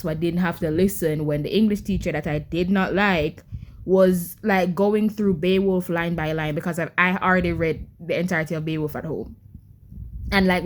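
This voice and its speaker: A woman's voice: fairly low pitch, fairly even intonation, a little fast. A young adult woman talking casually to camera in a reading vlog, exasperated, often stammering and repeating herself and firing rhetorical questions at her viewers. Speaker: book vlogger.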